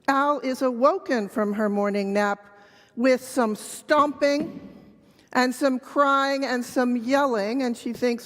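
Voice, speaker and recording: A woman telling a children's story gently and slowly to a church congregation. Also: fairly high pitch. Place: church sanctuary. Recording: reverberant church hall.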